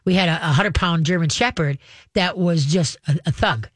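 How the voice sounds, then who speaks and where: A woman's voice: on the low side, normal speed, no room sound, studio quality. A woman dog trainer, a guest giving casual advice in a folksy, rambling way. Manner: folksy and rambling, acts out dogs and owners.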